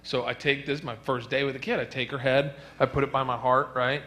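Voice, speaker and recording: Animated man doing stand-up. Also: mid-range voice, brisk. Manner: animated storytelling, acting out voices of others. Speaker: stand-up comedian. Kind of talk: stand-up comedy set. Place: comedy club stage with live audience.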